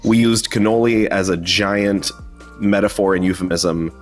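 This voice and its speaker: Laughing low-voiced man hosting a chat. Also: steady tone, moderate pace, faint music behind. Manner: chatty, laughs often, self-interrupting. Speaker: host. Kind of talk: casual online chat.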